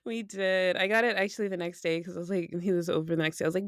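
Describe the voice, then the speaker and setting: A woman's voice: on the low side, fast talker, hardly any pauses, no room sound. A woman in her thirties co-hosting a podcast, chatting casually and laughing often as she tells stories. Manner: giggly, animated storytelling. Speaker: podcast co-host. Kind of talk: casual chat.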